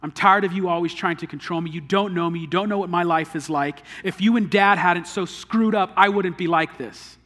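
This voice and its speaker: A man voicing a brash grown son who talks back, higher voice, booming hall. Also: lightly acted. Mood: angry. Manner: dismissive then angry, fast and loud. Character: defiant grown son, twenties, brushing off his mother.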